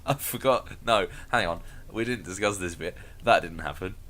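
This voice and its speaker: A man's voice: low voice, moderate pace, bright, forceful tone, a little hiss or hum. A man co-hosting a casual podcast chat, joking, laughing often and swearing. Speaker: podcast co-host.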